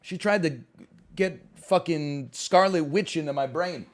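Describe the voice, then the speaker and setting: A man's voice: fairly high pitch, a little slow. A man streaming and chatting casually, rambling, sarcastic and profane, with frequent stammers and restarts.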